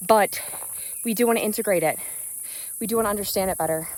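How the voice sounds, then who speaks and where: A woman's voice: medium pitch, normal speed, darkish tone. A woman giving an earnest, rambling motivational talk while hiking outdoors, slightly out of breath, recorded on a phone without a mic. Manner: earnest, uplifting, loose and rambling with fillers. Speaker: spiritual business coach. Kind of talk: unscripted motivational vlog on a walk. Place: outdoors on a hiking trail in nature. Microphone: phone without an external mic. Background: crickets and insects.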